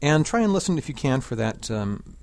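A man teaching a lesson on poetic meter. He explains in a relaxed way, then recites lines of verse slowly and stresses the beat. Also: medium pitch. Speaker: classics teacher. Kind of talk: spoken lecture with slow recitation of verse.

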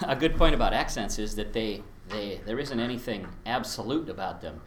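A man's voice: fairly low pitch, animated, moderate pace, reverberant, slight background noise. A man teaching a workshop on verse rhythm, chatty and explaining with spoken examples, often chuckling. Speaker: Latin teacher. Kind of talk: workshop presentation.

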